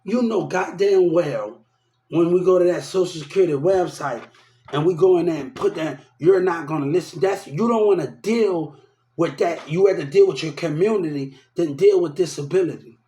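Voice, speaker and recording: Man, heated rant, repetitive and aggrieved, slightly high voice, roomy echo. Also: moderate pace, warm tone. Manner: repetitive, aggrieved, quoting others. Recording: echoey room.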